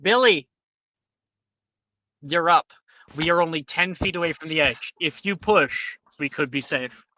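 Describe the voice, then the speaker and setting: A man's voice: fairly high pitch, pushed and bright, no echo. A man narrating as game master in a streamed tabletop game, casual and given to swearing. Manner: casual, swears, quick asides. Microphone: headset or desk mic on a stream.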